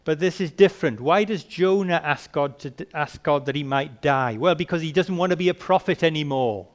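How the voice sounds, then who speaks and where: A man preaching a sermon, asking rhetorical questions and swinging between soft and emphatic delivery. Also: fairly high pitch, fairly quick.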